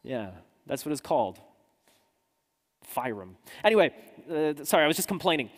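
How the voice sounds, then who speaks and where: A man with a notably high voice tells stories in a loose, self-mocking way on a conference stage. His voice rings out through a large hall with a long reverb tail. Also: very animated, normal speed. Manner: chatty, self-mocking storytelling. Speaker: podcaster and journalist. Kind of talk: conference talk anecdote. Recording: echoey hall.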